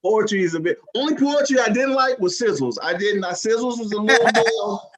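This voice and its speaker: High, lively man doing stand-up. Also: normal speed. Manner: playful, teasing the audience. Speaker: comedian and emcee. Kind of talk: live stand-up comedy.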